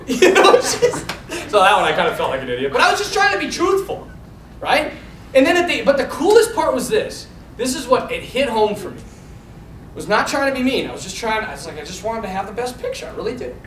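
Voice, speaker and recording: A man's voice: very high voice, sing-song, quick pace, fairly bright tone. A man, a Catholic priest, giving an informal talk to a men's group, telling stories animatedly and laughing often. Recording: echoey room, mic far off, faint noise.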